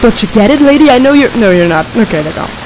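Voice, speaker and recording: A woman's voice: fairly high pitch, expressive, fast, heavy background noise. A young woman playing a horror game, panicking, screaming and giggling nervously as she talks. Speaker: gamer. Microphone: desk microphone.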